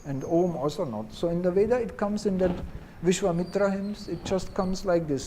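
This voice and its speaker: A man teaching Vedic chanting who explains gently and drops in many "you see" asides. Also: high voice, normal speed, slight background noise.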